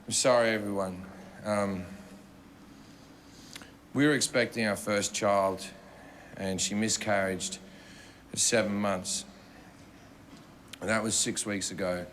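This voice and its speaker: A man voicing a grieving young husband who haltingly apologizes to a crowd in a subdued, deep tone. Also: fairly even intonation, fairly bright tone, slight background noise. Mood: somber apologetic.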